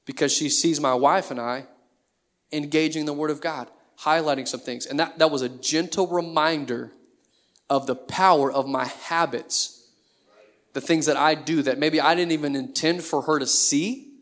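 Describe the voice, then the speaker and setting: A man's voice: fairly high pitch, normal speed, a bit bright. A man in his thirties, a pastor preaching a sermon in a conversational way, full of rhetorical questions.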